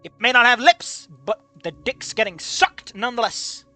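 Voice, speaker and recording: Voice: mid-range voice, lively intonation, moderate pace, pushed and bright, soft background music. Swearing, exasperated streamer rant. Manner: profane, exasperated, laughs often. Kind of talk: ranting reaction stream.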